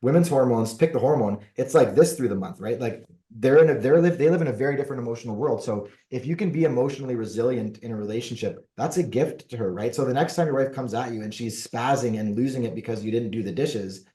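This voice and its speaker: A man's voice: medium pitch, fast, hardly any pauses, dark tone, echoey room. A middle-aged man, a podcast guest, earnestly explaining relationship advice and often checking in with "right?". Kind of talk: conversational advice monologue.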